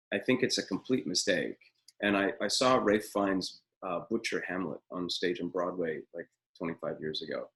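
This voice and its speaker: Low, gravelly middle-aged acting teacher. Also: male voice, fairly bright tone, rough recording. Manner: opinionated, rambling, many fillers. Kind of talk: live webinar lecture.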